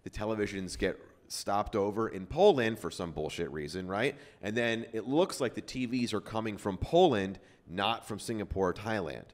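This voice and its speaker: A man's voice: fairly low pitch, expressive, normal speed, few pauses. A man hosting a podcast, telling a story in loose casual chat with lots of fillers and swearing. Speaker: podcast host.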